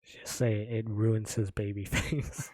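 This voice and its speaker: Joking low-voiced guy. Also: little pitch movement, slow, darkish tone, dry recording. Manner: joking, teasing, laughs often. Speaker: podcast co-host. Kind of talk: casual podcast chat.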